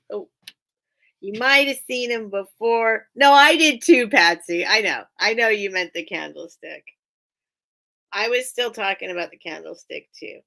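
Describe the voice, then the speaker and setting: A woman's voice: mid-range voice, creaky, fairly bright tone. A woman hosting a live online sale, chatting casually and rambling as she shows off her items, often breaking into giggles. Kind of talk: casual live-stream sales chat.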